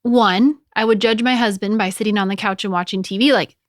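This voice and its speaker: A woman's voice: medium pitch, steady tone, dry recording, clean studio sound. A woman in her thirties, a podcast co-host, speaking earnestly in casual chat about family life. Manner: earnest, quick back-channel agreement.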